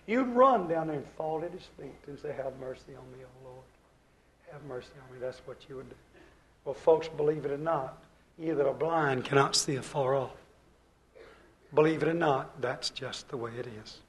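Fervent preacher man, loud then hushed. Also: a little high, moderate pace. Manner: acts out quoted speakers in his own voice. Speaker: pastor. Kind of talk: sermon.

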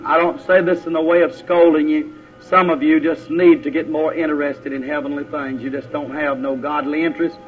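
A man preaching a sermon, folksy and plain-spoken, his voice climbing higher when he exhorts. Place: church. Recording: lo-fi muffled old church recording.

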